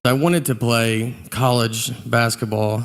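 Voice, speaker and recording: A man doing a stand-up comedy set, telling rambling stories in a deadpan, understated way, full of fillers. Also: medium pitch, slow pace. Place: large theater stage with a live audience. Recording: reverberant hall with audience noise.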